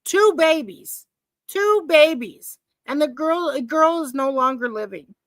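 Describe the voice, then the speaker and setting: A woman's voice: high-pitched, expressive, a little slow, no room sound. A woman hosting a live stream, commenting casually and emotionally on a trial, repeating herself and asking rhetorical questions.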